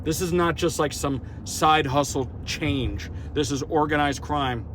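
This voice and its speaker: A slightly high-voiced man rambles through an outdoor phone vlog, repeating words as he retells conversations. Faint city street noise sits behind his voice. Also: measured pace, a bit bright. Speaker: vlogger. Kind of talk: casual vlog recap.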